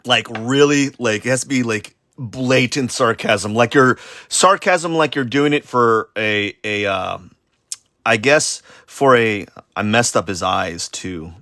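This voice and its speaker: A man's voice: mid-range voice, slow, bright, forceful tone, no room sound, studio quality. A man chatting casually during a live drawing stream, rambling and self-deprecating, with lots of fillers and false starts. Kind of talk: casual rambling chat while sketching.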